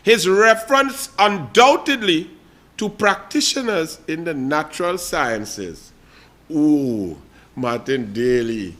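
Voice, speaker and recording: A Trinidadian man with a high, bright voice that cuts through with force. He hosts a political talk show and rants in a sarcastic, mocking tone, speaking straight to his listeners. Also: lively intonation, slow pace. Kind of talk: opinionated political commentary monologue.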